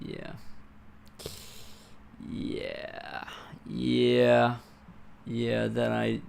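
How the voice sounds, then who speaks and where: Gravelly, slow-talking man muttering while coding. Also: mid-range voice, slight background noise. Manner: muttering to himself, swearing, excitable bursts. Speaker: livestreamer coding a game. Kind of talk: casual live-coding stream talk.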